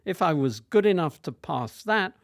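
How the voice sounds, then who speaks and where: A man's voice: high voice, animated, moderate pace, no echo, studio quality. A man of about 60 from near Manchester, telling stories from his career as a guest, with hesitant fillers and restarts. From near Manchester, England. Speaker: hotel group chief executive, guest. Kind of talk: reminiscing storytelling.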